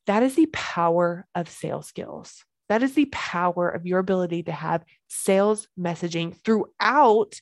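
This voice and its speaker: A woman's voice: fairly low pitch, moderate pace, few pauses, darkish tone, no room sound. A woman hosting a solo podcast as a business coach, talking with energy and emphasis and repeating key phrases.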